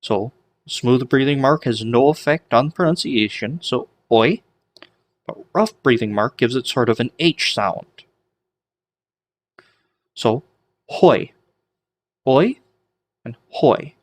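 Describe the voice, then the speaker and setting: A man's voice: medium pitch, measured pace, pauses often. A man giving an online lesson on ancient Greek pronunciation, explaining in a chatty way with homemade memory tricks. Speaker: Greek teacher.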